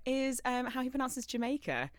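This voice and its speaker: Playful woman podcast cohost, bit high, voice bouncing around, dry close sound. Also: big pitch swings, moderate pace, no room sound. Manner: playful, teasing, laughs often. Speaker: podcast co-host. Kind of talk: casual podcast chat.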